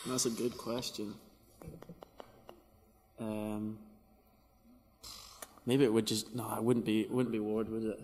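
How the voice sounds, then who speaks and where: A man's voice: on the low side, level tone, slow pace, pauses often, a little mellow. A young male actor answering fan questions at a convention panel, hesitant, with many restarts and laughs. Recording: long hall reverb.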